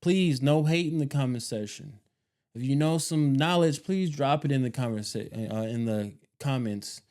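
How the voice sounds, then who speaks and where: Male vlog host, 30s, mellow smooth voice, casual rambling delivery with slang. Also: medium pitch, moderate pace. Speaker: homestead channel host.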